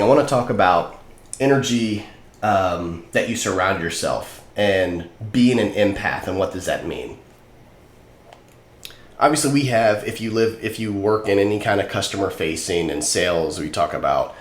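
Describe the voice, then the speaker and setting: A man hosting a podcast, talking earnestly and candidly about emotions, now and then swearing casually. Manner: candid and earnest, swears casually, rises high when impassioned. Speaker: podcast host. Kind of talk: casual solo talk on mental wellness. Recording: echoey room with faint background noise.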